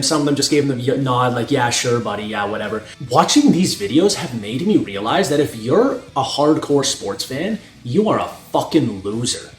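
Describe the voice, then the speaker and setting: A young North American man, a strength coach, giving a blunt, profane opinion monologue and laughing at his own points. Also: fairly high pitch. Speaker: strength coach and channel host. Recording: echoey room with faint music.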